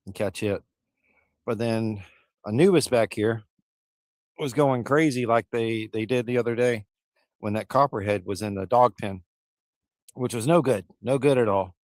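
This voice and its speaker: A man's voice: fairly low pitch, no room sound. A man, chatting casually and rambling to live-stream viewers from outdoors by a smoker, a little out of breath. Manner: rambling, folksy, addresses viewers as y'all.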